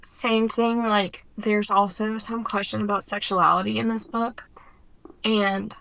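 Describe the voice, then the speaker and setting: A woman's voice: mid-range voice, flat delivery, measured pace, creaky, sharp tone, poor audio. A woman in her twenties giving a casual, chatty book review for her vlog, often saying "like". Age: 20s. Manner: chatty, uses filler "like" often. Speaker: book vlogger.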